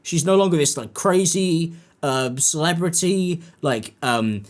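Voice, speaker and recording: A man giving sarcastic commentary, mocking and animated, often jumping into high-pitched impressions. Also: measured pace. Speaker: commentary YouTuber.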